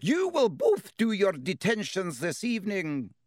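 A stern, strict older schoolmistress, as a man voices her high and sharp, loud with clipped, commanding orders. The storybook voice is close and dry. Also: wildly swooping pitch, unhurried, dry recording, full character voice.

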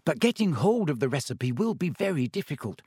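A man voicing a clever, earnest schoolgirl who speaks quietly and cautiously, growing impatient. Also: on the high side, very animated, a little fast, breathy edge, no room sound, clean studio sound, pitched above the performer's own voice, full character voice. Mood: insistent.

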